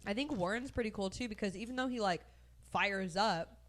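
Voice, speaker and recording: A woman's voice: mid-range voice, fairly quick, a bit bright. A woman co-hosting a casual movie podcast, making playful, teasing asides. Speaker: podcast co-host. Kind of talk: casual movie review chat.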